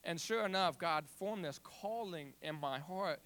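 High-voiced young man with a stutter. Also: a little slow. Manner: repeats and restarts words, animated storytelling. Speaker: youth ministry volunteer. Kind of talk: personal testimony.

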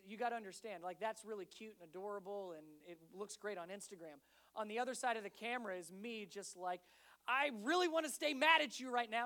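A man in his thirties preaching a sermon. He tells the story in an animated way, dropping to a hush and then rising to loud bursts. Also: high-pitched. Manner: animated storytelling, swinging between hushed and loud. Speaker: pastor.

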